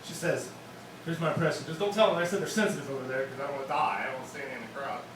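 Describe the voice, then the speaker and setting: A man's voice: medium pitch, rapid-fire. A young man performing a rambling, self-deprecating stand-up set at an open mic in a wine bar. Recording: echoey room, distant mic, bar noise.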